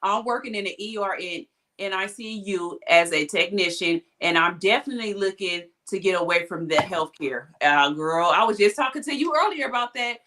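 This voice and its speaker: A woman's voice: mid-range voice, normal speed, sharp tone. A woman who works as a hospital technician, telling a heated work story in casual chat, blunt and swearing freely.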